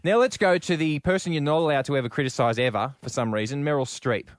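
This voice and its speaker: A man's voice: medium pitch, fast talker, no echo, studio quality. A man hosting a casual talk show, teasing his co-hosts in a playful way. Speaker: radio host. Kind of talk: casual banter.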